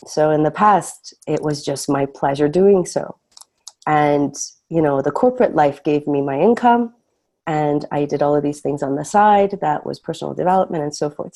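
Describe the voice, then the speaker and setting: A woman talking as a client on a coaching call. Her voice is low and mellow, and she speaks hesitantly, searching for her words.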